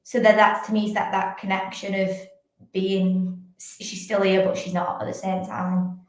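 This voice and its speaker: A woman's voice: mid-range voice, flat delivery, moderate pace. A young woman, a fitness coach, talking candidly in a casual chat and filling her speech with "like". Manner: chatty, fills speech with "like". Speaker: podcast guest, fitness coach and athlete. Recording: very echoey room.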